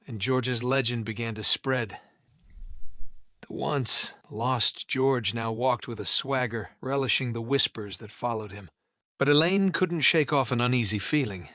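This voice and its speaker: A man narrating a fan fiction story with an expressive, lively reading. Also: mid-range voice, dry recording, clean studio sound.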